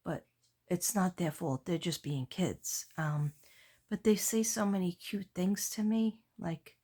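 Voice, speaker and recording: A tired woman artist talks through her pieces in a casual late-night vlog, her lowish voice drifting along slowly. She meanders from one thought to the next, full of pauses and fillers. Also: steady tone, mellow. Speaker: artist showing her work.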